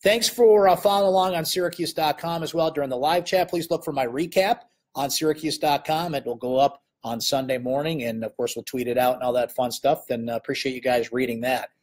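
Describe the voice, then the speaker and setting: A man's voice: medium pitch, a little fast, hardly any pauses. A man hosting a live postgame sports chat, talking casually and animatedly with frequent fillers. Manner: animated, conversational, many fillers. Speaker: sports columnist host.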